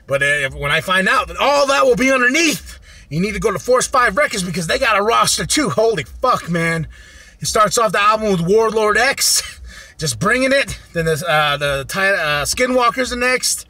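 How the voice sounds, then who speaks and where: A man talks through an album in a loose, profane vlog. He gets excitable fast and breaks into loud rants. His high voice leaps all over the place, sharp and bright, in a dry, close recording. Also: dry recording. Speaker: music review vlogger. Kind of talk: casual profane album review.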